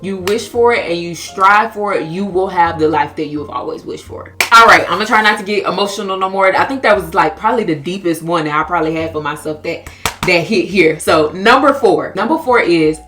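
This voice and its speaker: A woman's voice: lowish voice, a little fast, pushed and bright, faint music behind. A woman in her twenties with an American accent, talking candidly and earnestly to camera about her personal affirmations. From United States. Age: 20s. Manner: earnest, confessional, emotionally open. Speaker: vlogger. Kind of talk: candid self-help talk to camera.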